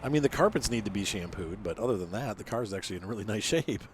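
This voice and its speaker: A man's voice: fairly low pitch, lively intonation, fast talker, a little hiss or hum. Chatty man narrating his gameplay. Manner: chatty, rambling, teasing banter. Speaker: gaming channel host. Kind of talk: casual let's-play commentary.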